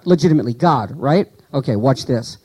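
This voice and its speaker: A man preaching a sermon, teaching with lively rhetorical questions to his congregation and reading scripture slowly and deliberately. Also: mid-range voice, breathy edge, poor audio. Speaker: pastor.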